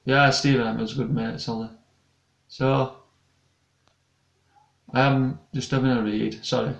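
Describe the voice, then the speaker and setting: A paranormal investigator and channel host with a gravelly, mid-range voice reads comments and chats with viewers on a live stream, his pitch barely moving and his pace a little slow. He's chatty and rambling, restarting often, and the recording sounds muffled, captured by a distant mic in an echoey room.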